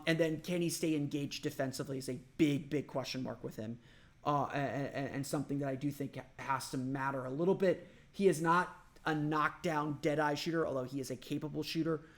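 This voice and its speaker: Guy from orlando doing a solo sports podcast, talks quick, voice sits a bit high, thinking out loud. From Orlando, Florida. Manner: thinks aloud, loose and conversational. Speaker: podcast host.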